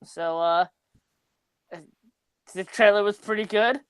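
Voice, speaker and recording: A young man with a higher-pitched voice co-hosts a casual movie chat, teasing the others in a deadpan way. His voice is recorded dry and close. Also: slow pace, smooth, no room sound. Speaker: podcast co-host.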